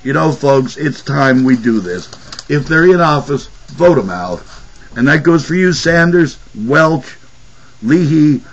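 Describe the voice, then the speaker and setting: A man's voice: on the high side, expressive, unhurried, highs cut off. A man hosting his own political commentary video, ranting angrily with profane sarcasm. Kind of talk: angry political rant.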